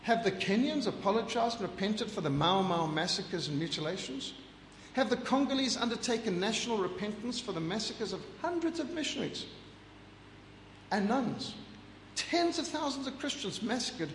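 A man's voice: high voice, slight background noise. A man giving an impassioned lecture over slides, firing off rhetorical questions and emphatic lists. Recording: echoey hall with long reverb.

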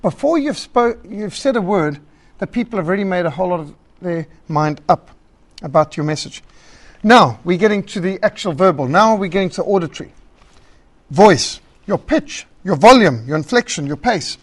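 High-voiced emphatic male preacher. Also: normal speed. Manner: emphatic, lively, lists points, acts out rambling callers. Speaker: preacher teaching a class on public speaking. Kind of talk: lecture to a church group. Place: meeting hall.

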